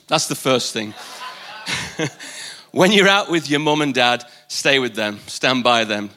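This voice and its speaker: A man's voice: medium pitch, measured pace, long pauses, bright, forceful tone, slight background noise. A man preaching a live sermon at a church service, emphatic, repeating key phrases for weight. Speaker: pastor.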